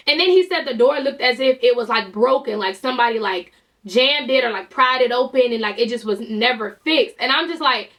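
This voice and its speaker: A young woman vlogger, telling a story in animated, exasperated casual chat. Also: a little high, fairly quick, far from the mic.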